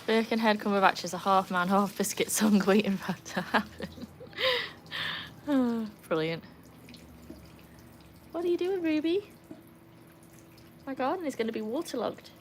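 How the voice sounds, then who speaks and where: A woman chatting casually on a livestream from beside a backyard pool, breaking into a high sing-song voice to praise her dog. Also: moderate pace, pauses often, slight background noise. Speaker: livestream host and dog owner. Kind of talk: casual live chat. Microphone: phone.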